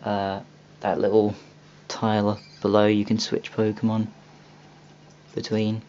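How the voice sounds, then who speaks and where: Casual young man, low voice. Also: monotone, takes it slowly, darkish tone. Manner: rambling, many ums and restarts. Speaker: video host reviewing a game store. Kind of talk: casual video walkthrough. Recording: dull lo-fi home recording with faint hiss.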